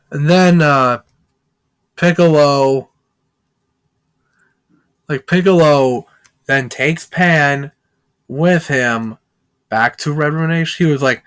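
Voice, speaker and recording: A man's voice: on the high side, takes it slowly, long pauses, fairly bright tone, clean tone, no echo. A man reviewing a film in a casual, rambling plot recap, heavy with filler words.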